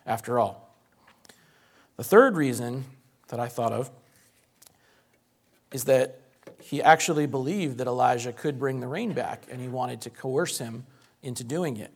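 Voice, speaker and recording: A man's voice: medium pitch, gravelly. A man, a pastor, delivering a sermon in a conversational, explanatory way, asking rhetorical questions.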